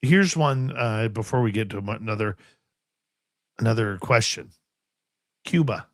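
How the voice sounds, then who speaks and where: A man's voice: on the low side, expressive, measured pace, long pauses, no echo. Plain-spoken male host, dry sound. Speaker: radio show host. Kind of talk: reading listener questions.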